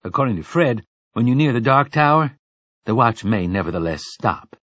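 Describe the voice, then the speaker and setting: A man voicing a composed young woman who speaks in a measured, formal way. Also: mid-range voice, lively intonation, a bit bright, no echo.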